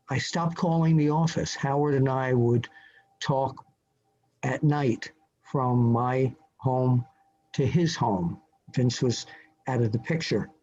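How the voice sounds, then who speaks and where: An older man, a journalist appearing as a podcast guest, telling a story from memory in a halting way, full of fillers and restarts. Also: medium pitch, dark tone, husky. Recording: slightly dull lo-fi audio with faint hiss.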